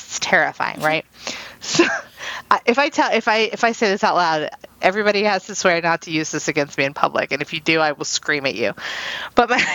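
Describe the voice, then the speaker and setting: A woman's voice: mid-range voice, no echo, poor audio. A woman in her late thirties co-hosting a podcast, telling stories in casual chat with frequent giggles. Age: late 30s. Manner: giggly, animated storyteller; self-described anxious. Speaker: podcast co-host.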